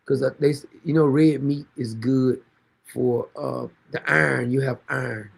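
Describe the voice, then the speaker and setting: A man with a husky, gravelly, medium-pitched voice hosts a casual livestream at a moderate pace with fairly even intonation. He rambles and mocks amid frequent laughter, sometimes talking to someone beside him.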